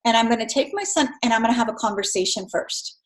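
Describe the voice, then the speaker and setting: A woman's voice: fairly high pitch, expressive, fast talker, reverberant, rough recording. A middle-aged woman giving a recorded lecture in a conversational way, often checking in with "right?". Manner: conversational, keeps adding "right?". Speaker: instructor.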